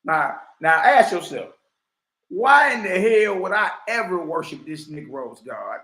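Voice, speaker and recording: A man's voice: on the high side, a little slow. Theatrical laughing man in an echoey room. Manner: animated, theatrical, laughing, slangy. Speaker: livestream host. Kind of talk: mocking commentary.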